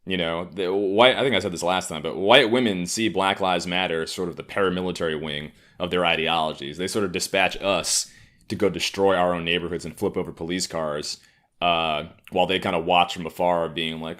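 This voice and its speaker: A man's voice: low-pitched, fairly even intonation, a little fast, a bit bright. A man in his thirties from Harlem, hosting a solo comedy podcast with sardonic, profane riffing. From Harlem, New York. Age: 30s. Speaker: podcast host.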